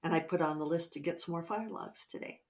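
A middle-aged woman author talking casually over morning coffee, reflective and rambling with soft fillers. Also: lowish voice, fast talker, a little hiss or hum.

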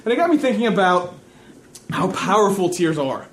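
A man's voice: high voice, very animated, moderate pace. A young man giving a conversational sermon, chatty and loose, often checking in with the audience and slipping in dry jokes at his own expense. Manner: casual, chatty, checks in with "right?" and "okay?"; dry self-mocking humor. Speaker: preacher.

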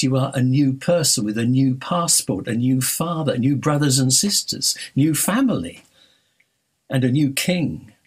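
A man from North London preaching a sermon, telling stories and stressing key words with dramatic slowdowns. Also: medium pitch, slightly rough.

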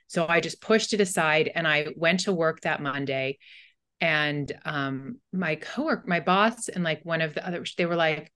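A middle-aged woman with a slightly low-pitched voice co-hosts a podcast. She tells her own stories in a candid, meandering way, stacking fillers and restarts. The tone stays casual and conversational. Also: normal speed, a bit bright. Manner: candid, rambling storytelling with many fillers. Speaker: podcast co-host and anxiety coach.

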